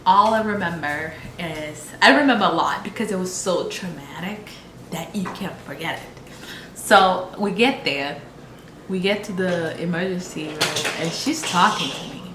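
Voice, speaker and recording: A woman's voice: lowish voice, moderate pace. A woman vlogger telling a personal story in a casual, emotional way, rambling, with many fillers and restarts. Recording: echoey room with background noise.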